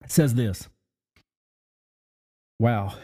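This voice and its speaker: A man preaching a podcast sermon, excitable, laughing often and asking his listeners questions. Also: medium pitch, drawn-out words.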